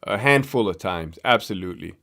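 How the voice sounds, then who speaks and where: In a low, gravelly voice that is bright and forceful, a Southern California man with a local accent hosts a live stream, animated and fairly quick. The former prison guard answers viewer questions through slangy, profane, loosely told stories.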